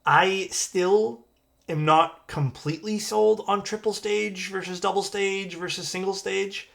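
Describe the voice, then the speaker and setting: A man's voice: high voice, fairly even intonation, unhurried, creaky, a bit bright. A man with a Canadian accent chatting casually on a live stream, answering viewers' questions about keyboard parts. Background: faint music.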